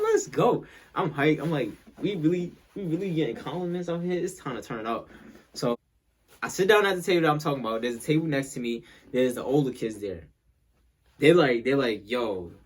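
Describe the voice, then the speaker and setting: A man's voice: medium pitch, slight background noise. A young man telling a casual storytime, rambling and repeating himself as he acts out what people said.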